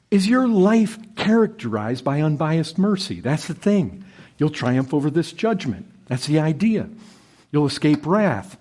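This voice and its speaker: A man preaches with a husky, slightly breathy voice, his delivery rising into loud, emphatic peaks before sinking into low, hushed lines. He talks directly to his congregation and keeps calling out "brethren.". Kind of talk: expository sermon.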